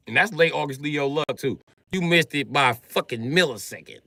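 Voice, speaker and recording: A man doing a profane comedic rant on a livestream, jumping between loud shouted bits and low mumbled asides. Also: very animated, normal speed, no echo. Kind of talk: comedic rant with acted-out voices.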